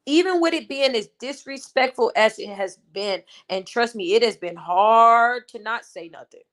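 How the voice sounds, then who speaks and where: A woman's voice: on the high side, moderate pace, fairly bright tone. A woman in her twenties telling a personal story on her vlog in an emphatic, venting way, talking straight to her viewers. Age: 20s. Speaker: vlogger and mother.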